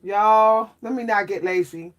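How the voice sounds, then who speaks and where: A woman's voice: medium pitch, a little slow, faint music behind. Woman vlogger, casual live chat, talkative, frequent laughs and "y'all". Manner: chatty, keeps saying "y'all", laughs often. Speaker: vlogger and French horn player.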